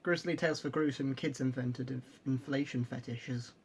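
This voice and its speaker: A man's voice: medium pitch, steady tone, normal speed. A male vlogger with a mid-range voice reacting to an old cartoon in casual, sarcastic commentary. He swears freely and mocks the show, with faint noise in the background.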